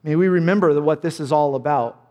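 Earnest preaching pastor, high-ish voice. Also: male voice, quick pace, darkish tone, long reverb tail. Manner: earnest, emphatic preaching with repeated phrases. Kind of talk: sermon.

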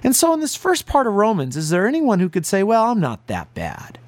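A man's voice: sits high, huge pitch swings, a little fast, no echo. Pastor guy preaching hard, voice rises and falls a lot, dry close sound. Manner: earnest, emphatic preaching. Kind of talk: sermon. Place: broadcast to listeners at home and on the road.

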